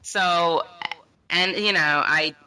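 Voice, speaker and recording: Woman, podcast guest, low pitch, bright tense tone, frank, joking. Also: steady tone, takes it slowly, clear, resonant tone. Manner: frank and joking, laughs often. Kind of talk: round-table discussion.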